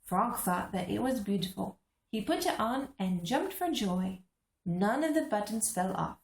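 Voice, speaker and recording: A woman reading a children's book aloud to English learners, pausing like a teacher to point out the pictures. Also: mid-range voice, expressive, vocal fry, reverberant.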